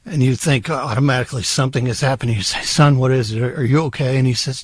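A middle-aged man hosts part-time and tells a funny personal story with playful, acted-out voices. His pitch sits in the middle for a man, and the sound is dry with no room around it. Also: fairly even intonation, fast talker, hardly any pauses, slightly rough, no echo.

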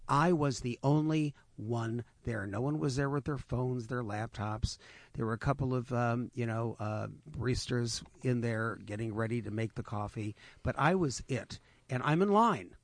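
A man with a gravelly edge to his voice tells stories on a radio show, close and dry on the mic. He moves through his anecdotes in a chatty way and acts out the lines of the people in them. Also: medium pitch, normal speed, no echo. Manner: animated anecdotes with voiced quotes. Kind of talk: casual storytelling on radio.

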